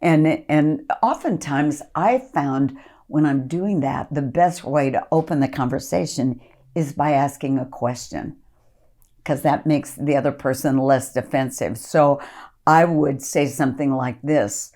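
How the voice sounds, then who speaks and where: A woman's voice: low-pitched, a little slow, darkish tone. A woman ministry leader giving an earnest podcast teaching talk, reading scripture aloud and coaching listeners.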